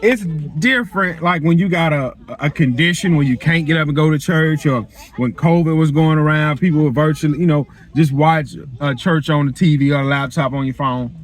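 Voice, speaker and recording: A man's voice: on the high side, fairly quick, hardly any pauses. A man talking to camera in a casual, preachy, colloquial way. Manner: animated, preachy, colloquial storytelling. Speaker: vlogger.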